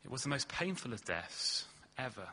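A man preaching a sermon in earnest, leaning hard on key words and then dropping low and slow. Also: big pitch swings, bright, forceful tone. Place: church hall.

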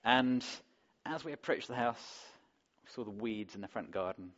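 A man's voice: medium pitch, animated, moderate pace, a bit bright. A man preaching a sermon in a conversational way, often putting rhetorical questions to the congregation, on a dull lo-fi recording. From England.

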